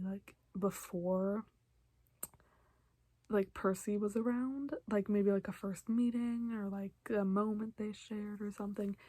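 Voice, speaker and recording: A young woman casually recapping a show for her vlog, chatty and emotional, often dropping to a soft hush. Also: mid-range voice, slightly rough, no room sound. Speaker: reaction vlogger.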